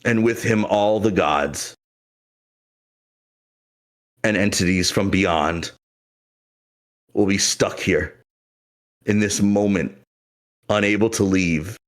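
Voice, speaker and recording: A man voicing a solemn male sorcerer who speaks gravely and apologetically. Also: fairly low pitch, takes it slowly, long pauses.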